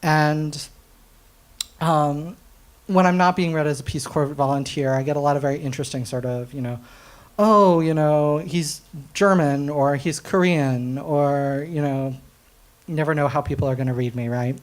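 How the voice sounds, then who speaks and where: A young American man doing stand-up storytelling on stage at a comedy night, animated, often laughing at his own jokes, with plenty of ums and uhs. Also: on the high side, normal speed. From United States.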